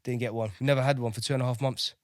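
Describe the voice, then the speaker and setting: Talking very fast in a steady, mid-range voice, a man in his thirties shares war stories from his navy days as a podcast guest. He's from Kosovo, curses a lot and repeats words as he goes, and the studio recording is clean and dry.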